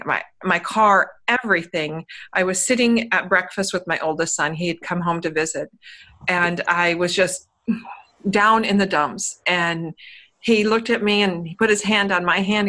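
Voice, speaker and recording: A woman's voice: on the low side, sharp tone, low-quality recording. A woman in her fifties, a guest on a video call from home, telling her life story candidly with frequent restarts. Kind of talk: interview over video call. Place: home room.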